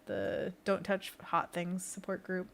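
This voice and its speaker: Her voice is fairly low and creaky, with little rise or fall, and she speaks slowly. She's an illustrator livestreaming a sketching session in a casual way, talking while drawing, reading the chat out loud and throwing in small sound effects.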